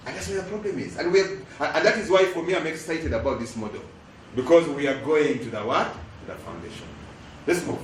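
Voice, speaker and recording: A man's voice: a little high, lively intonation, a little fast, slight background noise. A middle-aged man with a Ugandan English accent gives an emphatic address and has the audience finish his lines. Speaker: guest speaker, lecturer. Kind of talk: preaching address with call-and-response. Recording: echoey hall, voice from far off.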